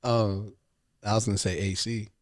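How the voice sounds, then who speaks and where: A man's voice: fairly low pitch, moderate pace, dry recording, studio quality. A man in casual chat, telling loose stories and laughing often. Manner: relaxed, rambling storyteller, laughs often.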